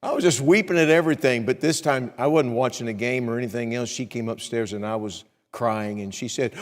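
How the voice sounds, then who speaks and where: A middle-aged man preaching an evening sermon as a visiting evangelist, acting out anxious prayers in a rising pleading voice and dropping to a quiet hush for personal stories. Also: medium pitch, a little fast, few pauses. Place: church sanctuary. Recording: long hall reverb in a church.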